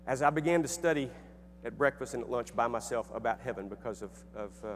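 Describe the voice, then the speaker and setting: A middle-aged man tells a personal story to an audience, earnest and conversational, stumbling over a word now and then. His mid-pitched voice echoes around a hall with long reverb. A faint hum sits behind him. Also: fast talker. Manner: conversational, earnest, with restarts and fillers. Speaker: speaker and author.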